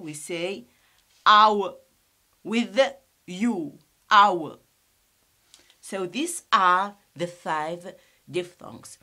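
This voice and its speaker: With a medium-pitched, bright and forceful voice, an Algerian teacher walks her students through English pronunciation. She goes slowly and carefully, says each sound again for them, and clarifies certain points in Arabic.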